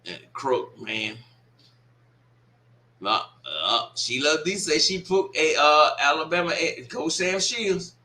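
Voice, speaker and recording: A man's voice: a little high, slow, pushed and bright. A man hosting a sports watch party livestream, reading comments aloud and scolding a troll with laughs and swearing. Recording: echoey room.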